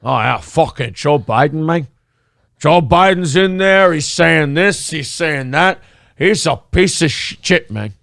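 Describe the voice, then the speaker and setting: A man doing an impression of an acquaintance, rambling and swearing in a slow drawl. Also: fairly high pitch, animated, creaky, fairly bright tone, no echo, studio quality, full character voice. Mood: ranting.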